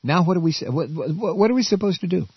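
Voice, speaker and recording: A male radio talk host giving an angry political rant, stammering and repeating himself, with shouted outbursts. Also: sits high, animated, fast, husky, dry recording, highs cut off.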